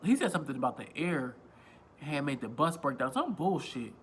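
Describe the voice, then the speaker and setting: A man's voice: on the high side, very animated, a little fast, a little hiss or hum. A man vlogging a casual storytime on a phone, rambling, repeating himself and swearing freely. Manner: rambling, profane, self-repeating.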